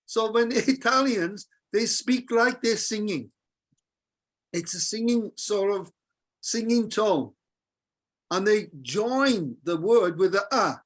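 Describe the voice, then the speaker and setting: Teacher, male, patient and playful, leads a relaxed group class. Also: high-pitched. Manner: patient, jokey, repeats verses slowly. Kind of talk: casual group lesson.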